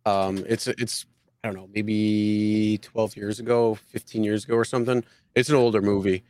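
A man's voice: lowish voice, flat delivery, normal speed, a little mellow, no room sound, clean studio sound. A man co-hosting a casual live show, talking loosely with lots of fillers and restarts. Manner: rambling, many fillers and restarts. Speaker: co-host.

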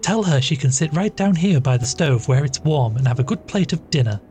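A man reading aloud and voicing a brisk, practical country woman who urges others on. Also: low-pitched, expressive, dark tone, soft background music. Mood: urging.

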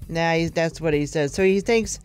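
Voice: medium pitch, normal speed, soft background music. A radio co-host reading entertainment news headlines in an easy, chatty way, laughing along with a partner. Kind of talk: casual entertainment news read.

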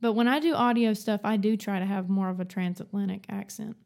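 A woman's voice: mid-range voice, creaky, a little mellow. A woman, co-hosting a casual, rambling book podcast and laughing often. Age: 20s. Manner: chatty, rambling, quick to laugh. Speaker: podcast co-host. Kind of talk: casual book-club chat.

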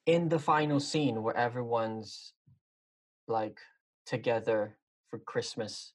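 Man, casual chat, rambling, hesitant, lots of fillers, mid-pitched. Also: slow pace.

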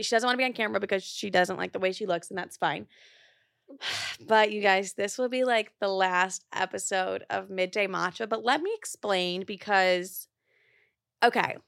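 A woman's voice: mid-range voice, fairly bright tone, no echo. Chatty young woman podcast host, dry sound. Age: 20s. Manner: chatty, candid, swears casually. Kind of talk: casual chat. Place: podcast studio.

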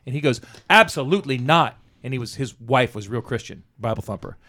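A man's voice: mid-range voice, brisk, hardly any pauses. A man telling a profanity-laced story about an old job in casual conversation, acting out the dialogue. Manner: profane, animated anecdote-telling with quoted dialogue.

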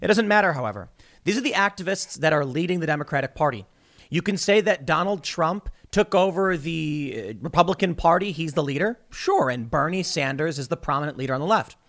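A man delivers solo political commentary, his voice pitched a little high and swinging widely up and down. He talks emphatically and in bursts, often stumbling and repeating words as he restarts a thought. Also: animated, brisk, a bit bright.

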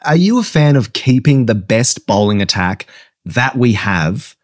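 A man co-hosting a casual cricket podcast, agreeable and quick to laugh. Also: medium pitch, big pitch swings. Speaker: podcast co-host.

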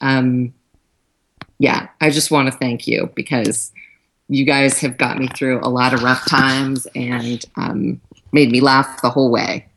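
A woman calls into a podcast to thank the hosts, sounding grateful and a little nervous. Her voice sits very low for a woman. There is faint noise on her line. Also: little pitch movement, unhurried, fairly bright tone. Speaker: caller. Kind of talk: casual chat.

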